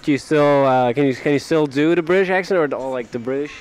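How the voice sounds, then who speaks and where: A man's voice: on the high side, quick pace. A man interviewing a rapper outdoors in a city, asking questions hesitantly with lots of fillers.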